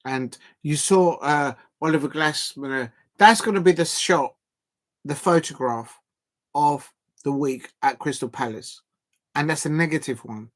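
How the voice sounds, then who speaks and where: A man hosting a live football watch-along, ranting in an animated, exasperated way and often restarting his sentences. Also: on the high side, a little slow. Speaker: football fan live-stream host. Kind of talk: casual watch-along commentary.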